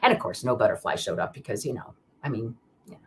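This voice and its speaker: A woman's voice: a bass voice, expressive, fast, a little hiss or hum. A woman hosting a live card-reading stream, talking in a rambling, chatty way with many fillers and restarts, greeting viewers by name. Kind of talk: casual live-stream chat.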